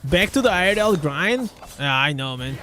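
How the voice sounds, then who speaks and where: A man's voice: fairly high pitch, animated, normal speed, bright, forceful tone, slight background noise. A young man with a Portuguese accent chatting casually on a live stream, often restarting his words and swearing now and then.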